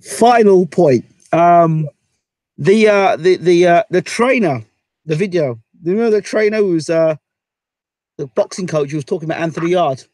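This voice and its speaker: Male interviewer, high, lively voice, short agreeing interjections, dry recording. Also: moderate pace, no echo. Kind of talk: casual interview chat.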